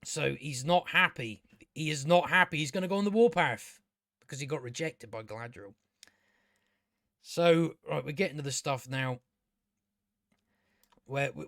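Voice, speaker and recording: A man's voice: fairly high pitch, expressive, normal speed, fairly bright tone, no room sound, clean studio sound. A man ranting sarcastically as he reviews a show, swearing a lot and mocking the characters. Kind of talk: casual profane rant.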